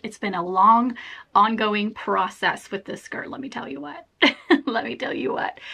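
A woman's voice: mid-range voice, fairly bright tone. A young woman vlogging to camera in a chatty, self-deprecating way, laughing often. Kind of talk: casual chat to camera.

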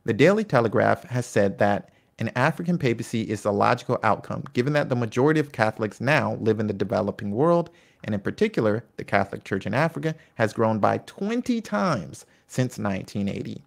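His fairly low, creaky voice is very animated and a little fast as he hosts a history video. Reading notes, he keeps veering into chatty, enthusiastic comments and sometimes stumbles over names.

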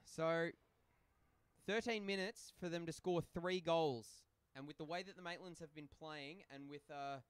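A man's voice: fairly high pitch, steady tone, a little slow, smooth, dry recording. A young Australian man doing casual, joking play-by-play for a social ice hockey game from a rink booth. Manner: joking, rambling banter between play calls. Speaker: play-by-play commentator. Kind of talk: casual live sports commentary.

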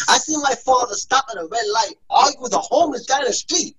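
A man's voice: very high voice, animated, racing, hardly any pauses, fairly bright tone, low-quality recording. A man being interviewed, sharing stories about his father with emotion and loose street speech. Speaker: interview guest. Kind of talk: casual interview storytelling.

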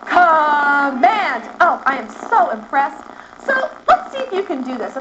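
Lively high-voiced woman teacher. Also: normal speed. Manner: energetic, coaxing, praising. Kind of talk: classroom instruction with rhythmic chanting. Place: school classroom with children. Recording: dull lo-fi phone video with loud classroom noise. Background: children and classroom noise.

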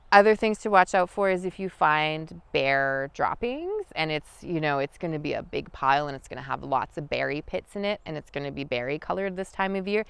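A woman guiding an outdoor lesson in the forest, talking in a relaxed, chatty way with many fillers. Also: low-pitched, vocal fry, clean tone, no room sound. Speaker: wild food guide. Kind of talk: outdoor teaching talk.

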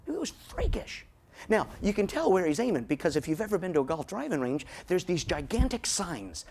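A middle-aged man, giving a storytelling keynote as a motivational speaker, animated and slowing down for dramatic effect. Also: high-pitched, husky.

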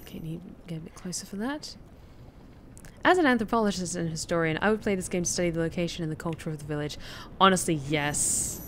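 A woman's voice: on the low side, fast, noisy background. Chatty woman streaming a horror game. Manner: chatty, musing, theorizing aloud. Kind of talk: casual let's-play commentary.

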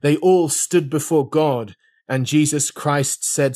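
A man's voice: fairly high pitch, slow, darkish tone, dry recording, studio quality. A man reading an old sermon aloud in a solemn, dramatic preaching manner. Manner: solemn, dramatic, shifting pace. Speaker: sermon reader.

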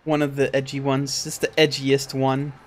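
A man co-hosting a game stream, chatting in an unhurried way and laughing often. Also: medium pitch, level tone. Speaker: streamer co-host. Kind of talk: casual gaming chat.

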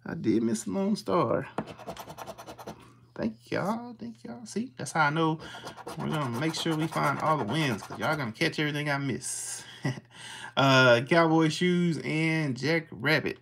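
Slow, gravelly livestream host. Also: medium pitch, animated, background noise. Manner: slowly reads out scratch-off symbols and greets chat viewers. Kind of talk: casual livestream commentary.

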